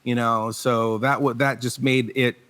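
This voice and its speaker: A man's voice: mid-range voice, level tone, a little slow, fairly bright tone. A man hosting a comedy podcast, talking in a chatty way, often laughing and restarting his sentences. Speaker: podcast host. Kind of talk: casual podcast chat.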